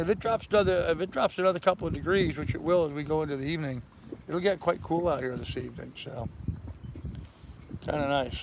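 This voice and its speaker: A man's voice: fairly high pitch, creaky. An older man from New York, hosting a sailing channel and chatting easygoingly on a live stream from a boat. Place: outdoors on a boat in a harbor. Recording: loud wind noise on the mic.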